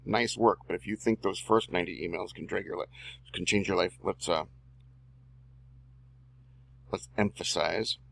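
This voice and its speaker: A man's voice: deep voice, normal speed, vocal fry, long pauses, fairly bright tone. A man reading copy aloud as he edits a screen-recorded tutorial, muttering and adding slangy asides to himself. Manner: self-talking, drawling slangy asides. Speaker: online marketer and video host.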